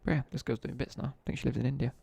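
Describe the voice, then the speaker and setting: A man's voice: medium pitch, steady tone, very fast, gravelly, mellow, slightly rough, no echo. A young man with an English Midlands accent, rambling through slangy school stories and chatting to viewers while he streams a game. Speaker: live streamer. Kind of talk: casual chat while gaming.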